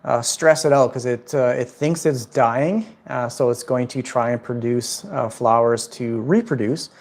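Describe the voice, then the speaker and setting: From inside his home, a man hosts a casual plant livestream, rambling loosely as he answers viewer questions. His voice is medium-pitched and a little slow.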